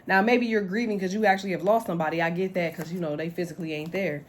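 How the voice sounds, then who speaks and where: A woman's voice: lowish voice, fairly even intonation, rapid-fire, a little hiss or hum. A woman doing a casual tarot reading to camera, blunt and slangy, talking animatedly and laughing often. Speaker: tarot reader.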